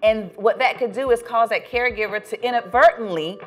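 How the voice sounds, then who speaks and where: A woman's voice: fairly high pitch, brisk. A middle-aged woman, a social worker, explaining care services in an interview with emphatic, punchy stress on key words. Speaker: gerontology social worker and dementia educator. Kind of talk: expert explaining in a podcast interview.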